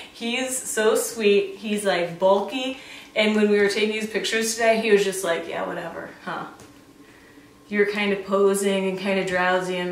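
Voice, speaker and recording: A woman breeder chatting casually as she shows a litter of puppies, often cooing at them in a high baby-talk voice. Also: a little hiss or hum. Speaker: dog breeder showing a puppy litter. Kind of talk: casual vlog chat. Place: indoor room with the puppies. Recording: roomy, distant camera sound.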